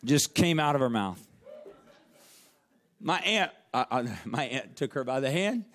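A man's voice: medium pitch, very animated, unhurried, a bit bright. A middle-aged man preaching a sermon, telling stories and repeating phrases for emphasis. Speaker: pastor.

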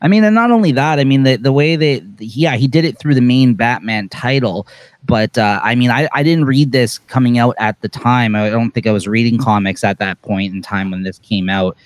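A man's voice: mid-range voice, normal speed, no echo. A man co-hosting a comic book podcast, rambling with many fillers as he circles his point. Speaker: podcast co-host. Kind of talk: casual chat.

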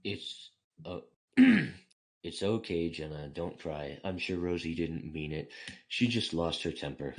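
A man's voice: on the low side, a little slow. Man reading as Balto, an earnest dog. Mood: comforting. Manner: earnest, deadpan, stumbling over words. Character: comforting male dog hero, earnest. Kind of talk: comedic dramatic reading.

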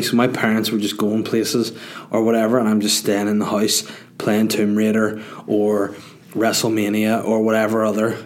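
Rambling Northern Irish podcast host. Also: male voice, on the low side, a little mellow. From Northern Ireland. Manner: rambling, self-mocking, sweary humor. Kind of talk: solo casual podcast monologue. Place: dining room at home.

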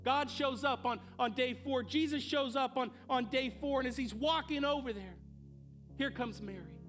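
High-voiced guy preaching hard, acts out the bible characters, faint music behind. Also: moderate pace. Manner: impassioned, building to shouted peaks; acts out quoted voices in dialogue. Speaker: pastor. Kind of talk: sermon.

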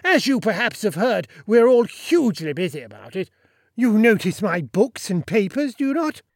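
This audiobook character voice is exaggerated and high-pitched: a man, speaking above his own register, portrays a self-satisfied, bossy little Sultan full of pomp and boasting. His pitch swings widely at a moderate pace. The sound is dry and studio quality.

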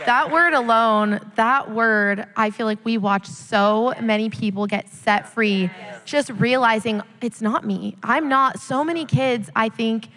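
A woman's voice: a little high, measured pace, a bit bright. Passionate young woman in a reverberant church. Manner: passionate, emphatic, preacherly. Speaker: youth leader. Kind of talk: church panel sharing. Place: church sanctuary, live service. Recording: long church hall reverb.

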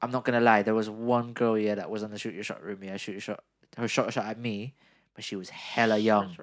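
A man's voice: on the low side, little pitch movement, brisk. A man in his twenties in a casual chat, often repeating himself and restarting sentences. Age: 20s. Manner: repeats phrases, stumbles and restarts.

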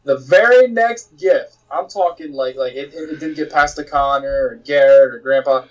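A man's voice: fairly high pitch, normal speed, dull audio. A man hosting a casual podcast chat, telling a story with lots of swearing and laughter. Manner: profane, animated storytelling with laughs. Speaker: podcast host.

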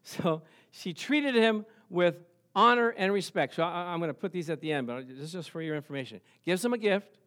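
High-voiced man preaching an animated sermon. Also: brisk. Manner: animated storytelling with rhetorical questions and chuckles. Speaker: pastor.

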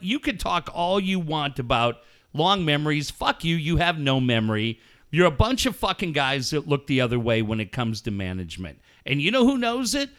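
A man's voice: fairly high pitch, a bit bright. A man hosting sports talk radio, ranting angrily and swearing as he mocks a team. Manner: angry, swearing, mocking.

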